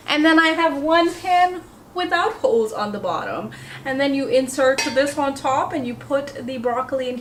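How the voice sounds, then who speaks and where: Young woman, Indian accent, high voice, casual kitchen chatter, self-deprecating, light background noise. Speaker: home cook vlogger. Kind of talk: casual cooking vlog. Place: home kitchen.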